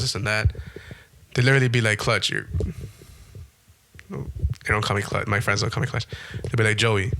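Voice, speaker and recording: Bright-voiced young man swearing casually. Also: on the low side, a little hiss or hum. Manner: emphatic, repetitive, swears freely. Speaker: podcast host. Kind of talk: casual monologue.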